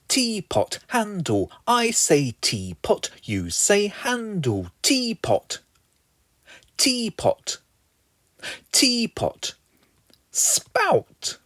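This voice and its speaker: A man's voice: sits high, dry recording, clean studio sound. A man with an English accent performing comic poetry in a theatrical, mock-grand recitation style. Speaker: comedic poet, show host.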